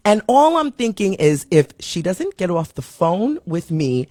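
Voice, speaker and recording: A woman talk show host telling a comic story in a casual, animated way. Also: a little slow, hardly any pauses, no room sound, clean studio sound, faint music behind. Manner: animated, comic storytelling with big pitch swings.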